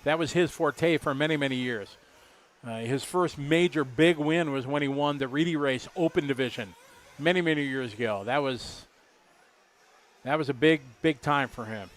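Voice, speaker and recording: A man's voice: mid-range voice, moderate pace. A middle-aged man doing live race commentary, chatty and rambling, joking with viewers.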